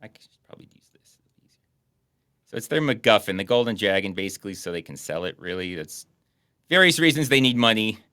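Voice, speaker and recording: Young male podcast host, laid-back and dry, low bright voice, dry room. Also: lively intonation, fast talker, clean tone, no room sound. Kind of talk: casual chat reviewing a movie.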